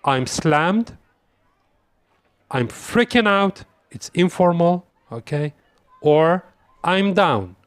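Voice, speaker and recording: A man hosting an English lesson as a quiz, saying each example phrase slowly and deliberately and repeating it. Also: fairly high pitch, expressive, clean tone, no room sound. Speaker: English teacher. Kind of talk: quiz-style language lesson.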